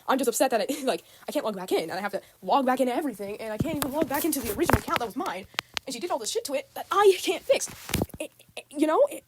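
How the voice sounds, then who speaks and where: Fast, lively teen girl ranting. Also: high voice, a little hiss or hum. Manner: rambling, repeats herself, frequent ums. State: upset. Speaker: student vlogger. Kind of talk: casual rant to camera.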